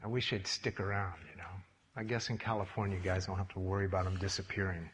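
An older man preaching a sermon, telling stories in a lively way and acting out the characters. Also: deep voice, fast, slight background noise. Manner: animated storytelling, acts out voices. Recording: long hall reverb.

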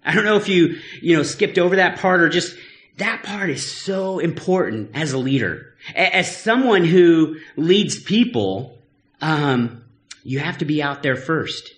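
Preacher, slightly high, chatty and earnest, echoey room. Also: male voice, lively intonation, unhurried. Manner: conversational, teasing, earnest. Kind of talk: sermon.

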